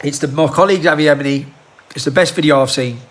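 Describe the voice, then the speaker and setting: A man's voice: a little high, fast talker, a bit bright. A man, delivering a heated rant full of rhetorical questions into a handheld phone. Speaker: political commentator. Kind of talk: impassioned monologue to camera.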